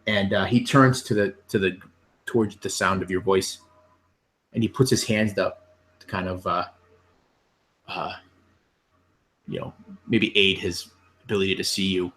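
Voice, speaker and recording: A man narrating as game master, describing scenes in a relaxed, meandering way. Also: on the low side.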